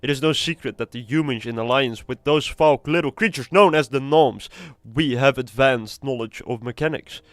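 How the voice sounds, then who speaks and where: A man's voice: medium pitch, normal speed, hardly any pauses, no echo, lightly acted. A man reading aloud the lines of a stern male orc commander from a video game who distrusts humans. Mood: grave. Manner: reading quest text aloud.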